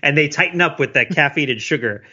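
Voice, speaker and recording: Man, bright tense tone, slightly lo-fi; playful podcast co-host. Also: on the high side, quick pace. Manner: jokey, talks through a prepared list. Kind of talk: casual chat. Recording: dull lo-fi sound.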